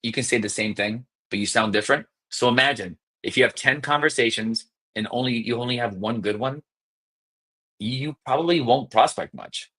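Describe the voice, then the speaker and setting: Upbeat male sales coach, quick and emphatic, mid-pitched, acts out phone scripts for trainees. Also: breathy edge. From South Florida. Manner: energetic, fast, emphatic, demonstrates scripts. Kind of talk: live coaching session.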